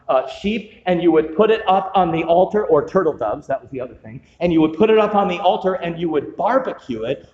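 A man's voice: high voice, darkish tone. A man preaching a sermon as pastor, conversational and joking, with humorous asides. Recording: dull, echoey hall sound.

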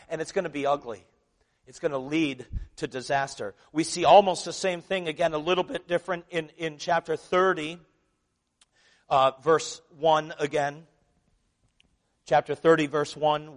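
Middle-aged guy preaching, chatty with jokes, voice a bit high, hall reverb ringing. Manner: conversational preaching, jokes and asides. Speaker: pastor. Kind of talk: sermon. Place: church sanctuary. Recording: long reverb of a church hall.

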